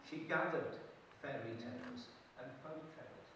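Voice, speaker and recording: Storyteller in an echoey hall. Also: male voice, medium pitch, normal speed. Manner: lively, playful, chuckling asides. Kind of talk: live folk storytelling. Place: festival hall. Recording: echoey hall, distant mic, hiss.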